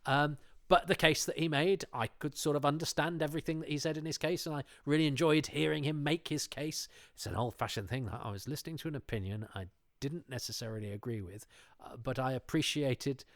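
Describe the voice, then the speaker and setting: A man's voice: fairly high pitch, brisk, no echo, clean studio sound. A man chatting casually, enthusiastic and digressive with a self-deprecating streak. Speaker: show panelist. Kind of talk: casual chat.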